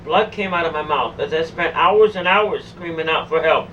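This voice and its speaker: A woman telling a harrowing personal story in the first person, in a halting way that keeps repeating and restarting phrases. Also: low voice, a bit bright. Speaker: storyteller recounting a personal ordeal. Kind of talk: emotional first-person testimony. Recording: dull distant recording with faint hum.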